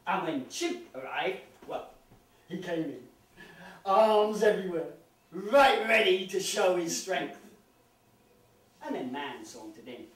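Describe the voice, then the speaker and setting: Animated, slow-paced male storyteller. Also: high-pitched. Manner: dramatic, animated, with sudden loud bursts and hushed drops. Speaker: professional storyteller. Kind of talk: live storytelling performance. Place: live stage venue. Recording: echoey live venue, distant mic.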